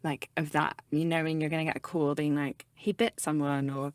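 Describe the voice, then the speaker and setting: A woman in her thirties with a West Country accent, co-hosting a casual podcast and laughing easily between stories. Her voice sits a little low and is recorded dry and close, with no room around it. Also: dry recording. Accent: West Country English. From West Country of England. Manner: quick to laugh, lively and conversational. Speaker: podcast co-host. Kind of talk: casual chat.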